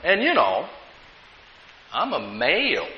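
A man's voice: a little high, huge pitch swings, takes it slowly, slight background noise. An American man preaching a sermon as pastor, telling stories with rising emphasis. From United States. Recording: echoey room, dull lo-fi sound.

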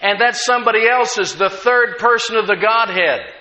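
A man's voice: sits high, normal speed, bright, forceful tone. An American man preaching a sermon as pastor, telling stories with rising emphasis. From United States. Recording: echoey room, dull lo-fi sound.

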